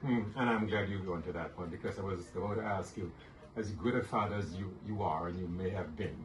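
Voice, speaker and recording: A man's voice: sits low, brisk. A man hosting an interview, asking questions and giving encouraging affirmations. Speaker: host. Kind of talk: casual interview talk. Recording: echoey room from far off with noise.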